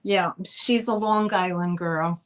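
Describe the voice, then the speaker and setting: Chatty New York woman hosting a live sale, slow and easygoing in delivery. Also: lowish voice, fairly even intonation. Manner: chatty, greets chat viewers by name. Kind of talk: live-stream selling chat.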